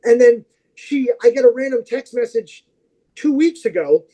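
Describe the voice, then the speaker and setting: A man who is a podcast guest, telling long, animated anecdotes in casual chat, with plenty of fillers and restarts. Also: very high-pitched, normal speed, low-quality recording.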